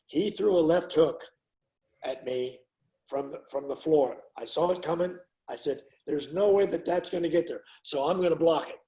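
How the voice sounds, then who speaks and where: An older man with a fairly high voice tells his fight stories in a relaxed, chatty way. He acts out the voices of the people in them with plenty of energy. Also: poor audio. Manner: animated storyteller, acts out quotes loudly. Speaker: guest, former fighter. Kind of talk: casual storytelling interview.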